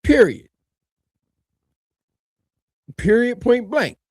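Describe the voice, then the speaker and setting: A man giving animated reaction commentary on a video, colloquial, swinging from low mutters to loud high shouts. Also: drawn-out words, slightly rough, no echo.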